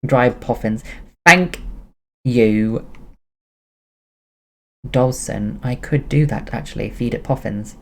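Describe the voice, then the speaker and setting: A streamer from England, chatting casually with viewers during a game stream, jokey and quick to giggle. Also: mid-range voice, creaky, warm tone. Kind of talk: casual live-stream chat.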